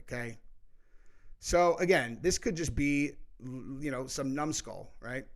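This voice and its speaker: Heated, profane male political commentator. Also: medium pitch. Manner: heated, profane, says "dude" often; rambling, with many fillers and restarts. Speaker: political commentary show host.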